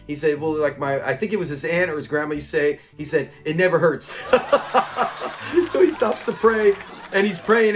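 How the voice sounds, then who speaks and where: A man hosting a review channel, casually retelling an episode, acting out the characters' lines and laughing along. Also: sits high. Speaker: show review channel host.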